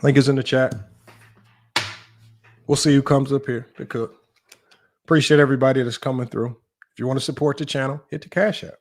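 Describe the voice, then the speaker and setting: A man's voice: a little fast, long pauses. A man hosting a casual sports livestream, teasing his chat, his voice jumping up in mock disbelief. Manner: animated, teasing, voice jumps high in mock disbelief. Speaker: livestream sports talk host.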